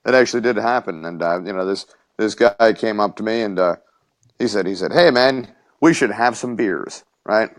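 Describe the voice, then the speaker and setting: A man's voice: fairly low pitch, moderate pace. A man co-hosting a casual podcast, telling a crude story in rambling bits with stammers and swearing. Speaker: podcast co-host.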